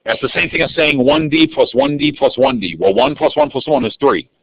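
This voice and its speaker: A man's voice: on the high side, wildly swooping pitch, a little fast, creaky, no room sound. A man teaching a live online algebra review lesson, calling on students by name in an upbeat way. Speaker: math teacher. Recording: dull lo-fi dry sound.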